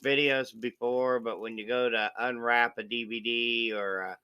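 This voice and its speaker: Easygoing man with a bright, smooth voice. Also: mid-range voice, steady tone, normal speed, muffled recording. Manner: easygoing, rambling, addresses viewers as guys. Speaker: co-host of unboxing channel. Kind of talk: casual unboxing chat.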